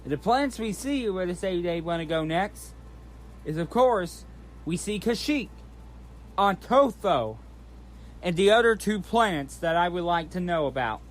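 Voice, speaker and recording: A man's voice: sits high, animated, unhurried, a little hiss or hum. A man hosting his channel, recapping in a casual, rambling way, often restarting and repeating himself. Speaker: channel host recapping a trailer.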